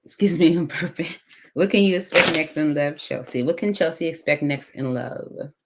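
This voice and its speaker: A woman reading tarot cards aloud in a casual, chatty way, thinking out loud with many fillers. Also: low voice, normal speed, heavy background noise. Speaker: tarot reader.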